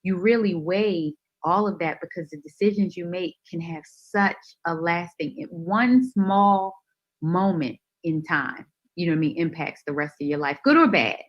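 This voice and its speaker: Female radio guest, lower pitch, animated storyteller, muffled lo-fi recording. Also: moderate pace. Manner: lively, expressive, laughs easily. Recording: dull lo-fi sound.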